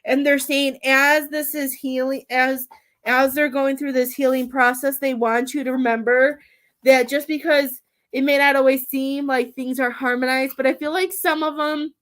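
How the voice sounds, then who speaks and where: A woman's voice: high voice, little pitch movement, normal speed. Chatty, emotional woman doing a tarot reading. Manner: chatty, warm-hearted, laughs often between thoughts; emotional, near tears at times. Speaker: tarot reader and medium.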